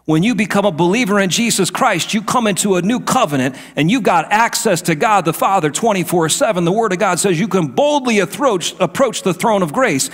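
A middle-aged male pastor preaching a sermon, moving between hushed asides and emphatic declarations. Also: sits high, lively intonation, fairly quick, hardly any pauses.

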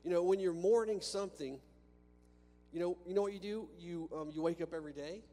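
A pastor with a high, warm voice talks a little fast as he preaches to the congregation, conversational and prone to restarts and rhetorical questions. The setting is a church sanctuary with a balcony. Long reverb and a faint hum fill the recording.

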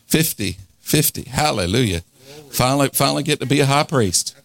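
A man's voice: medium pitch, animated, a little fast, gravelly, a bit bright. A man in his forties preaching a fervent revival sermon, leading the crowd in call-and-response and laughing often. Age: 40s.

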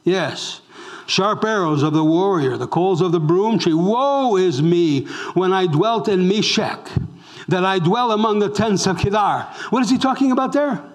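High-voiced emphatic male pastor. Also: animated, a little slow. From raised Roman Catholic. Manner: emphatic preaching with rhetorical questions to the congregation; swings between loud exclamations and hushed near-whispers. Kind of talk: sermon.

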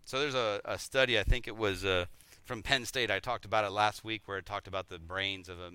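Middle-aged preacher, bright crisp tone, lively with acted-out quotes. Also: male voice, medium pitch, brisk, dry recording. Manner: animated, acts out quoted voices. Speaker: pastor. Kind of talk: sermon.

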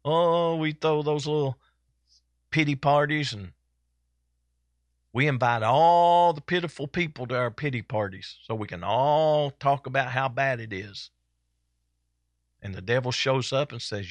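A man's voice: mid-range voice, measured pace, long pauses, no room sound. A man preaching a sermon at a church service. He is fervent and folksy and hammers his points home by repeating them. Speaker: pastor.

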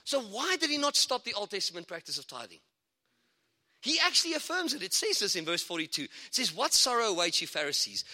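Excitable preacher in a reverberant hall. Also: male voice, high voice. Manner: animated, excitable preaching with asides and laughs. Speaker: guest preacher. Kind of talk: sermon.

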